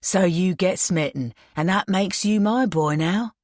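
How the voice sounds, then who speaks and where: Woman voicing a leering male gang boss, taunting and louder than her narration. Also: lowish voice, measured pace, no room sound, studio quality. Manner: sneering, taunting slang. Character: menacing leering male crime boss, mocking.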